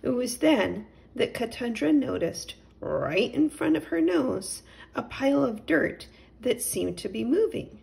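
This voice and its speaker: A woman gently reading a children's story aloud as the storyteller. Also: a little high, big pitch swings, a little slow, creaky.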